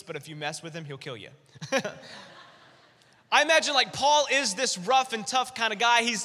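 A male pastor preaching a sermon with animated, emphatic storytelling. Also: sits high, in a large hall.

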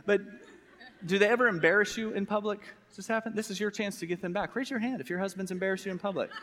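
An American pastor delivers a sermon in a loose, joking style, often stopping to ask the congregation questions. His voice sits a bit high for a man. The sound has a long reverb from a large hall. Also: fast, fairly bright tone. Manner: humorous, conversational, engages congregation with questions.

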